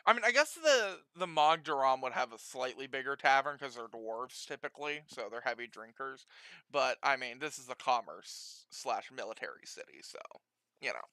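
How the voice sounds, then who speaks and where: Brief: male game master, giggly and rambling, very bright crisp voice, lively pitch, dry close sound. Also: moderate pace, dry recording. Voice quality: rambling and giggly, laughs often. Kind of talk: narrating a tabletop game.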